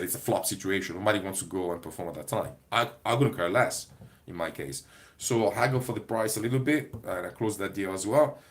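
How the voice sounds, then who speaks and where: A comedy performer chatting casually to camera in a rambling, digressive way, often breaking into laughter. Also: male voice, lowish voice, a bit bright. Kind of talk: casual vlog monologue.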